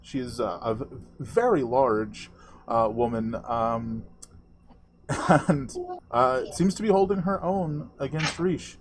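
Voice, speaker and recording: A male game master narrating a tabletop game in a halting way, with many fillers. His voice sits at an ordinary middle pitch. A faint noise runs under the recording.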